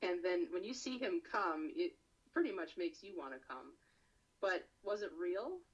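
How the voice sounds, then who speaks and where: Husky woman on dull lo-fi audio. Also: on the low side, expressive, normal speed. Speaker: podcast co-host. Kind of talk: crude casual storytelling. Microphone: webcam on a video call.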